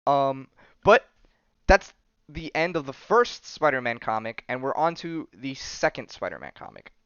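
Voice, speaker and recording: A man's voice: medium pitch, big pitch swings, measured pace, fairly bright tone, clean tone, no room sound, muffled recording. A man hosting a podcast, recapping comics in casual chat full of fillers and restarts. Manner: rambling, many fillers and restarts. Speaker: podcast host.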